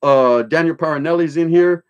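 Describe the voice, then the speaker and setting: Casual streetwise dude on a livestream, kinda high voice, swears a lot, reads chat and tells stories. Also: male voice, normal speed, clear, resonant tone, muffled recording. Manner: streetwise slang, swearing, storytelling. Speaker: livestream host reading chat.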